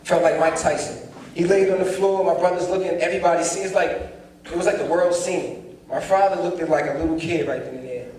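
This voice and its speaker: Animated young man speaking on stage. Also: fairly high pitch, a little fast, a little hiss or hum. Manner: animated, acts out dialogue, addresses the crowd directly. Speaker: motivational speaker. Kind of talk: storytelling seminar. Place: large performing arts hall. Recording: echoey hall, distant mic, faint ambience.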